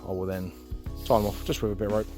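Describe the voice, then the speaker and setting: A man casually explaining a camp setup outdoors in the woods, chatty and relaxed, with frequent fillers. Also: on the low side, racing, over music. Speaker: outdoor channel host.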